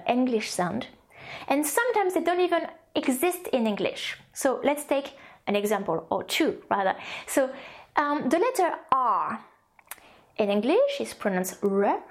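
A woman with a French accent, a native French speaker, teaching a recorded language course. She explains step by step, with many ums and restarts. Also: fairly high pitch. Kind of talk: recorded online course lesson.

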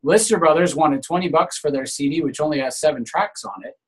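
A man's voice: a little high, fairly quick, husky, rough recording. A man casually telling a story on a group call, earnest and a little aggrieved.

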